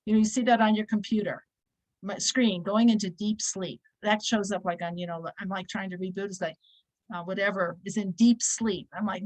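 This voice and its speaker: A woman teaches a weekly religious class in a lively, conversational way. Her voice sits in a middle pitch, and she repeats key phrases to drive them home. Now and then she slips into short quoted voices to act out a point. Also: normal speed, rough recording. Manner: animated, acts out little quoted voices.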